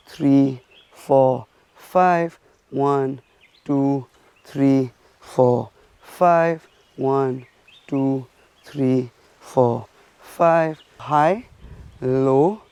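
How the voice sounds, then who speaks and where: A man's voice: fairly high pitch, a little mellow, smooth, no echo. A martial arts instructor from India, a man, explaining and demonstrating stick drills while counting strikes aloud.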